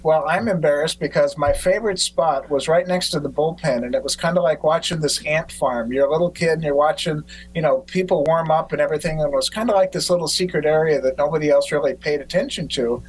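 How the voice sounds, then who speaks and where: A man hosting a podcast who tells stories in an animated way and acts out quotes. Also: a little high, quick pace, hardly any pauses, slight background noise, low-quality recording. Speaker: podcast host. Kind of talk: casual conversation.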